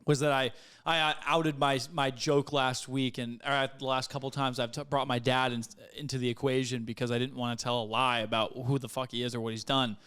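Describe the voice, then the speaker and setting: A man's voice: mid-range voice, fairly quick, clear, resonant tone. A young man co-hosting a casual podcast, talking loosely with lots of swearing and laughter. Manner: lively, laughs a lot, swears, loud cheering. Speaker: podcast co-host. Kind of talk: casual chat.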